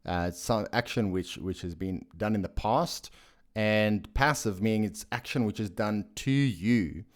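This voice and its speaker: A man with a lowish voice teaching scripture at a slow, unhurried pace. He walks through the grammar of a Greek sentence diagram step by step, often restarting phrases and adding fillers, with an enthusiastic tone. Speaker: bible teacher.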